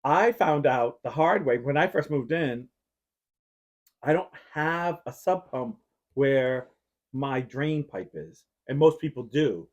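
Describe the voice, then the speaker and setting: A man's voice: mid-range voice, lively intonation, slow. A man hosting a podcast in casual chat, telling a long rambling story full of "like" and acting out his own past reactions. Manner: heavy use of filler "like". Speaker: podcast host.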